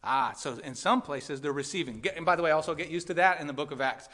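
A man's voice: on the high side, fast talker, bright, forceful tone. A male pastor preaching a conversational, emphatic sermon to his congregation, repeating his points and adding casual asides. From California.

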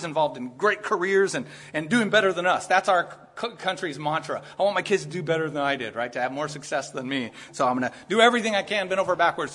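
In a church, a middle-aged man with a fairly high, slightly bright voice preaches to the congregation. He talks to them conversationally but with emphasis, dropping in joking asides.

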